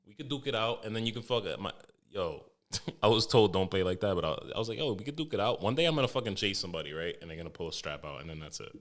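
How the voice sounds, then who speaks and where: A young man hosting a podcast, telling stories in a loose, animated way, swearing heavily and restarting his sentences. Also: low-pitched, fast talker. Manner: animated storytelling, heavy swearing, frequent restarts. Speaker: podcast host. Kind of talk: casual podcast monologue.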